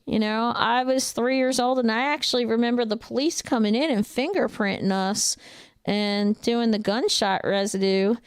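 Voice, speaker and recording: A woman's voice: on the high side, moderate pace, smooth, no room sound, clean studio sound. A woman truck driver and trainer with a New Jersey accent, chatting casually with viewers on a livestream, blunt and outspoken, laughing often. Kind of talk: casual livestream chat reading viewer comments.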